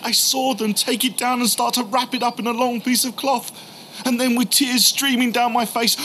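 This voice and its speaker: A man telling the story in the first person as a grieving, doubting male disciple, halting and emotional, repeating words. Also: extremely high pitch, sharp tone, a little hiss or hum. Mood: incredulous.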